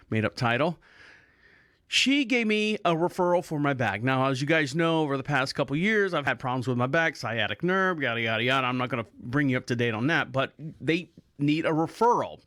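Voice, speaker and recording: Animated man telling a story. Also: on the high side, moderate pace, no room sound, studio quality. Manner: animated, acts out voices of others in quotes. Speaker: podcast host. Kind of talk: casual storytelling monologue.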